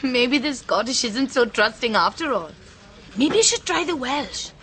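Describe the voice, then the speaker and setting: A woman's voice: high-pitched, lively intonation, unhurried, a bit bright. A woman in a comedy sketch playing a call-centre agent, answering her colleague with cheeky, teasing retorts.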